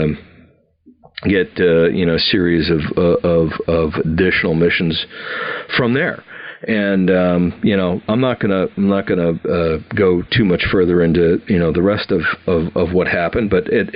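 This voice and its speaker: A man's voice: sits low, dull audio. A man in his fifties casually telling an old army story, rambling with many fillers and restarts.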